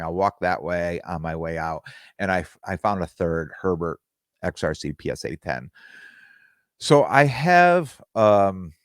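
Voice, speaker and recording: A man's voice: sits low, no echo, clean studio sound. A man hosting a podcast, telling a casual story with restarts and acted-out bits of dialogue. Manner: rambling, with restarts and reenacted dialogue. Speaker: podcast host.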